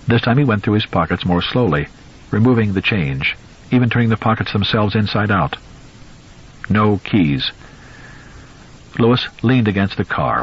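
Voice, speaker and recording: A man narrating a novel in a measured, suspenseful storytelling voice. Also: fairly low pitch, expressive, husky, muffled recording. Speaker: audiobook narrator.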